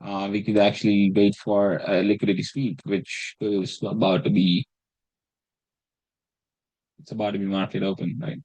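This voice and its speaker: Low-voiced man rambling through trade charts. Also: little pitch movement, moderate pace, pauses often, a little mellow, no echo, low-quality recording. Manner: rambling and self-deprecating, swears freely, restarts phrases. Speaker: day trader reviewing his trades. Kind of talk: casual screen-recorded trading breakdown.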